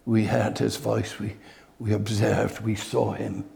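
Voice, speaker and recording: A man preaching a sermon slowly, building to loud, emphatic peaks. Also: fairly low pitch, little pitch movement, vocal fry.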